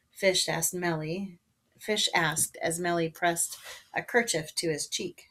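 A woman reads a children's novel aloud to her listeners, narrating with expression and giving the characters voices. She talks casually and sits a little low in pitch for a woman. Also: fairly even intonation, unhurried, a bit bright. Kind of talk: reading a book aloud to listeners.

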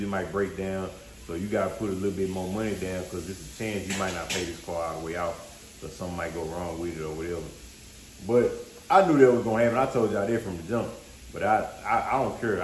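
A man's voice: low-pitched, a little mellow, reverberant, a little hiss or hum. A man hosting a vlog, telling a story casually and animatedly in slangy speech. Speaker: vlog host.

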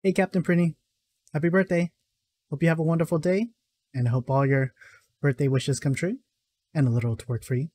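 Loud playful man, dry close sound. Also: on the high side, steady tone, brisk, pauses often, no echo.

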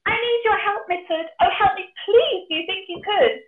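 A woman voicing a frightened little male pig in a storybook reading, with a shrill, pleading manner. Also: normal speed. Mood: squealing, pleading. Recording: echoey, tinny call audio.

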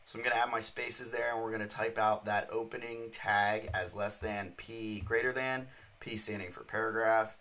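Casual tutorial host, young adult male, lower register, steady step-by-step explainer. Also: moderate pace. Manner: steady, explanatory, walks through code step by step. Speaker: coding tutorial instructor. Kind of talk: screen-recorded tutorial narration.

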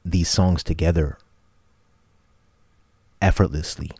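Husky low-voiced excitable young man. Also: slow pace, dry recording. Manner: excitable, incredulous, laughs often. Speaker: reaction video co-host. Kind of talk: casual reaction chat.

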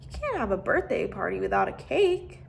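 A woman's voice: medium pitch, very animated, moderate pace, gravelly, a little hiss or hum. Woman reading as a small insistent boy. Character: young boy, hungry and earnest.

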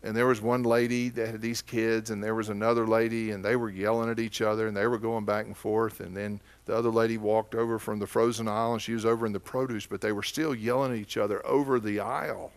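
A man's voice: on the low side, little pitch movement, quick pace, hardly any pauses, clear, resonant tone. A man with an Oklahoma accent preaching a sermon as pastor, telling stories in a folksy, conversational way.

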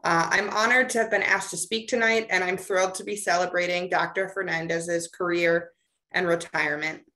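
A young adult chaplain resident giving a measured, sincere prepared tribute speech. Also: medium pitch, fairly even intonation, bright, forceful tone.

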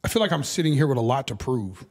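A man's voice: medium pitch, sing-song, quick pace. Podcast guest: middle-aged man, open and profane storyteller. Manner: candid storytelling, swears freely. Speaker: guest musician. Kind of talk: casual podcast chat.

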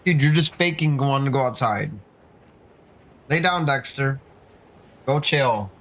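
A man's voice: mid-range voice, expressive, a little slow, fairly bright tone. A man streaming a game from home with his young son, in laid-back, casual chatter full of "dude". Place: home gaming setup.

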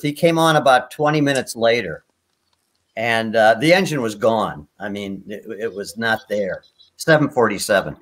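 A man's voice: mid-range voice, a bit bright. Older man rambling through a story. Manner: rambling, many restarts, laughs at own stories. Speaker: guest performer. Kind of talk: anecdotal storytelling.

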